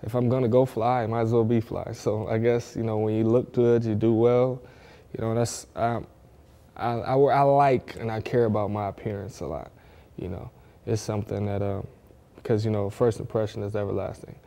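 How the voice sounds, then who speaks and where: Laid-back young man, low mellow voice. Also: level tone, normal speed, vocal fry. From Northwest Ohio. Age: young adult. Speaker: athlete guest. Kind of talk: casual interview.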